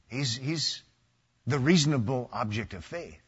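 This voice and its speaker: A pastor preaching a sermon, a man from the United States with a husky voice, swinging between loud emphatic passages and hushed, quiet ones. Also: a little high, animated, a little slow, lo-fi sound.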